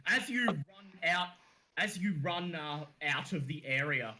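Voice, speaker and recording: A man narrating a tabletop game as dungeon master, halting with frequent fillers. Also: a little high, lively intonation, sharp tone, poor audio.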